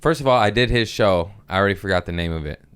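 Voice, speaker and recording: A man's voice: on the low side, expressive, quick pace, a bit bright, clear, resonant tone. A young man hosting a casual solo podcast, rambling and profane, often laughing at his own jokes. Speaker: podcast host.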